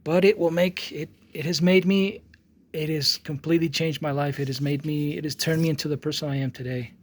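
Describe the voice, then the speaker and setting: A man's voice: a little high, steady tone, brisk. A man in his forties, an artist talking casually to his channel, rambling with many restarts and acting out both sides of an argument as he tells a story. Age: 40s. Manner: rambling, with frequent restarts and repeated words. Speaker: artist vlogger. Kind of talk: casual monologue.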